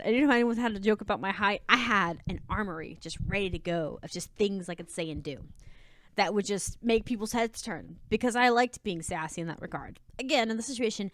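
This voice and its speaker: A woman's voice: a little high, dry recording, clean studio sound. A woman reading and commenting on advice posts in a casual, sassy, chatty way, with frequent restarts and asides. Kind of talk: casual commentary on reader stories.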